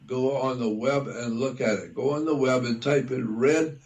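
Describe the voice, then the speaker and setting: A man speaking as an interview guest, talking deliberately and repeating key details for emphasis. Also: mid-range voice, a little mellow. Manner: spells out words letter by letter. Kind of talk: conversational interview.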